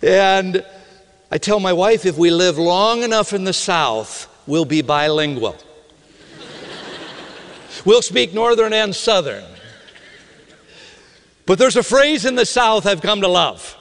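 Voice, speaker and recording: A middle-aged man from Minnesota with a Minnesota accent, a pastor preaching a storytelling sermon with sudden excited outbursts. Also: high voice, slow pace, long pauses. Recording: long reverb of a large hall.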